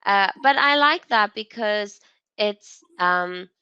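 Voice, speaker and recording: A woman English teacher talks in a relaxed, chatty way over a video call. Her voice is bright and clear, and she takes her time. The sound is dry and a little dull. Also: medium pitch, takes it slowly, no room sound. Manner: relaxed, chatty, laughs easily. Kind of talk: casual conversation lesson.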